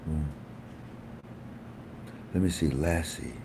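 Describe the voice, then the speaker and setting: A man's voice: extremely low pitch, slow, gravelly, warm tone, a little hiss or hum. A man hosting a casual livestream, chatting with viewers in a playful, joking, rambling way. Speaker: livestream host.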